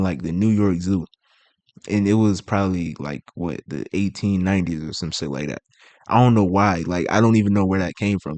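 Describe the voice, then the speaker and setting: A man's voice: sits low, a little mellow, no echo. A young man hosting a reaction video, talking loosely in slang and laughing as he comments over clips.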